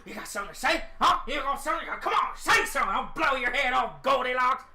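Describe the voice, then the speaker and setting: A man's voice: extremely high pitch, lively intonation, quick pace, echoey room, noisy background. Menacing old farmer, taunting, done by a man as game master. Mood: threatening. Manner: threatening, taunting. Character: menacing gruff old male farmer with shotgun.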